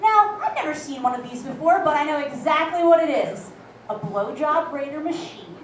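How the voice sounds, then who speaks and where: A woman's voice: high voice, lively intonation, moderate pace. A young woman doing a brash, raunchy, self-mocking stand-up set on a comedy club stage. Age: young adult. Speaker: stand-up comic. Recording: echoey club, far from mic, faint noise.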